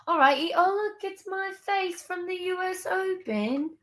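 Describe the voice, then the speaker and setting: Bubbly young woman streaming from home, high voice, chatty with her viewers. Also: animated, normal speed, hardly any pauses, fairly bright tone. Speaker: sports podcast host. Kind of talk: casual live-stream chat. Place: home room near window.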